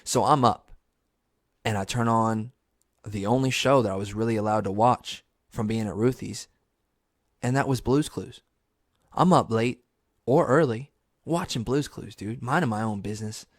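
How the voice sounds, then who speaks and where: A young man hosting his own podcast, telling a funny story solo in a loose, profane way, now and then jumping into high yelps. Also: normal speed, pauses often, no room sound, studio quality. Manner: animated, swears a lot, jumps into high squeaky yells for emphasis. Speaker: podcast host.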